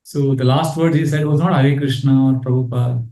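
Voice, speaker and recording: A man's voice: medium pitch, a little fast. A man giving a scripture class, telling stories earnestly. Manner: storytelling, earnest, animated when quoting. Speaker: Bhagavatam teacher. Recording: echoey room, mic at a distance.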